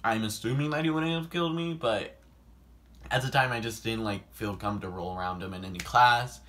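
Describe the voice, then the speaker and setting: A young man telling a personal story in a casual vlog. He talks animatedly, swears a lot, fills his speech with "like", and breaks into sudden loud outbursts. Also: fairly low pitch, fairly quick. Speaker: vlogger.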